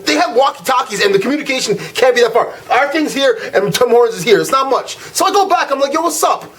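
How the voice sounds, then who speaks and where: A young man from Canada, a vlog host, telling a travel story as a slangy, animated rant. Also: extremely high pitch, fast talker. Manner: animated, slangy, swings from loud irritation to laid-back drawl.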